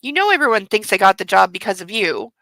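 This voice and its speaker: A woman's voice: medium pitch, big pitch swings, fast, fairly bright tone, no echo, low-quality recording. A woman reading the lines of a young wife pleading for her career in a plain, earnest read-aloud voice.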